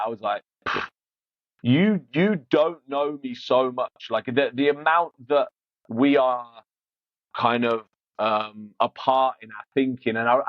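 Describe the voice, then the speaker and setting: A man's voice: mid-range voice, no room sound. Guest, male, frank and unpolished, stumbles and restarts a lot; dry, slightly dull lo-fi recording. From Iran. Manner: frank, repeats words, many restarts. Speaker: podcast guest. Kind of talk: casual interview chat.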